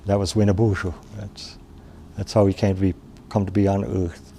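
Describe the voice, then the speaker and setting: Male storyteller from Wisconsin, low gravelly voice, mellow, unhurried oral telling. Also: level tone. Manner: unhurried, plain-spoken, with pauses and restarts.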